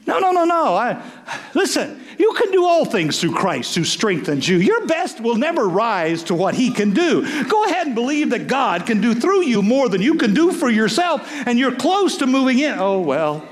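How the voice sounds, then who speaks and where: A man preaching a sermon as pastor, telling stories in an animated way with voiced asides. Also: very high voice, moderate pace, few pauses. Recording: long hall reverb.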